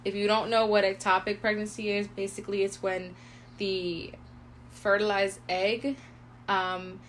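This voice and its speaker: A young woman in her twenties tells a personal story on a podcast, chatting loosely with lots of "like" and acted-out inner thoughts. Her voice sits at an ordinary middle pitch, with a faint hiss of noise behind her. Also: measured pace. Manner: chatty, heavy use of "like", animated retelling with quoted inner thoughts. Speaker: podcast co-host. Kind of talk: casual storytelling chat.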